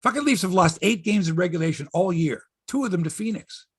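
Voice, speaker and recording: A man's voice: sits high, lively intonation, brisk, breathy edge. A middle-aged Canadian man hosting a sports podcast, chatting casually in a rambling, profane, wry way. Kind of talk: casual chat.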